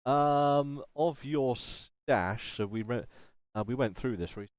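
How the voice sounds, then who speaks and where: A man's voice: mid-range voice, measured pace, dry recording. A man narrating as game master of a tabletop game, talking hesitantly with many fillers. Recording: dull lo-fi online audio.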